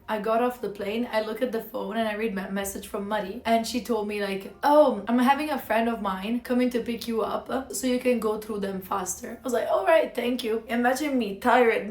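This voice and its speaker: A young woman streamer animatedly telling a funny travel story in casual chat. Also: fairly high pitch. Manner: animated, laughs through the funny parts. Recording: echoey room with faint music.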